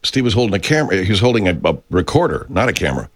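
A man's voice: low-pitched, sing-song, very fast, no echo. A man hosting a radio show, rambling in a profane, meandering monologue that keeps getting sidetracked. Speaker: radio host.

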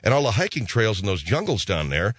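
A man's voice: lowish voice, sing-song, a little fast, a bit bright, slightly rough, dry recording. A man hosting a talk radio show, riffing in a rambling comic rant full of hip slang.

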